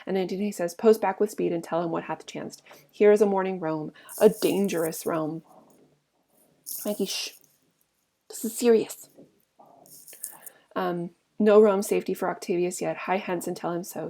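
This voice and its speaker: A woman's voice: on the low side, fairly even intonation, fairly quick, creaky, few pauses, mellow. A woman teaching a play, reading each line aloud and then paraphrasing it in plain everyday talk. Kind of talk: casual read-aloud lesson with paraphrase.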